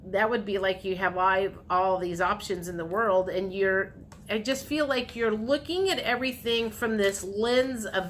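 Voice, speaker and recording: A woman's voice: medium pitch, a bit bright, a little hiss or hum. A woman giving a casual tarot reading to her viewers, chatty and repetitive, sometimes acting out what the listener might say. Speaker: tarot reader.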